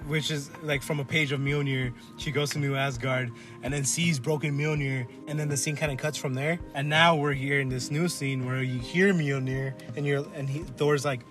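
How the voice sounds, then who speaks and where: A man's voice: mid-range voice, moderate pace, hardly any pauses, over music. A man hosting a casual podcast, reviewing a movie, swearing and acting out lines. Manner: excitable, swears a lot, acts out lines. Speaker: podcast host. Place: collectibles shop.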